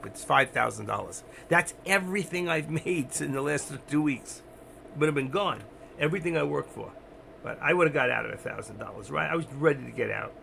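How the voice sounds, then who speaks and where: A man hosting a trading livestream in a loose, rambling, self-mocking way, often turning to speak directly to viewers. His voice is gravelly and bright, with a faint noise underneath. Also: a little high. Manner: rambling, self-deprecating, talks straight to viewers. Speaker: options trading livestream host. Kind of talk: casual livestream commentary.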